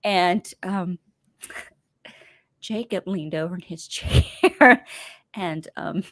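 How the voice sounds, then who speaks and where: A middle-aged woman co-hosting a casual recap chat, telling stories with animated energy, swearing freely and acting out what people said. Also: on the low side, drawn-out words, dry recording. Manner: animated storytelling, swears freely, acts out quotes. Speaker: podcast co-host.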